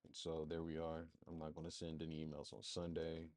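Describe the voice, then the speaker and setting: A marketing agency presenter with a very low, dark, mellow voice thinks aloud through a screen-share walkthrough, loose and rambling with lots of fillers. His delivery is completely flat and a little fast, and the sound is dry and close with no room echo.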